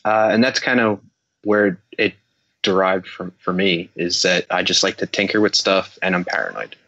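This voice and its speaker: A man's voice: deep voice, normal speed, bright, forceful tone, highs cut off. A man on a video call, chatting casually about his work, rambling and self-deprecating. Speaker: guest security developer. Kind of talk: casual podcast discussion.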